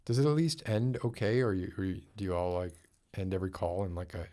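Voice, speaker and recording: A man with a very low voice talks loosely as a show host. He rambles through his thoughts with plenty of fillers and restarts. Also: expressive, quick pace, warm tone. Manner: rambling, chatty, many fillers. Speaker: podcast host. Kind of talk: casual chat.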